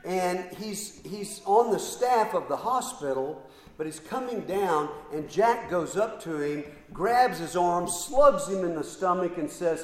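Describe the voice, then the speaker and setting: A middle-aged man preaching a sermon, telling a story slowly with many repeated "and"s and pauses. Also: sits high, animated, a little mellow. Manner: slow, halting storyteller with repeated ands and pauses. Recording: roomy hall with long reverb.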